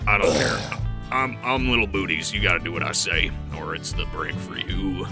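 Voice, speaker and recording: A man voicing a haughty figure who gives absurd orders in a slow, lowered, drawn-out tone for an improvised comedy sketch. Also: lively intonation, gravelly, over loud music. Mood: dismissive.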